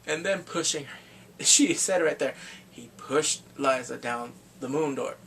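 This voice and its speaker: A man casually recapping a TV episode in an excitable, rambling way, full of "like" and restarts. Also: medium pitch, measured pace, gravelly, a little hiss or hum. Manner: excitable, rambling storytelling with frequent "like". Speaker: TV show reviewer.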